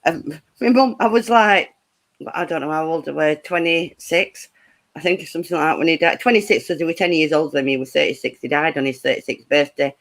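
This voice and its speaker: A middle-aged woman with a deep voice talks a little fast in a casual chat. She tells stories bluntly and laughs her way through them.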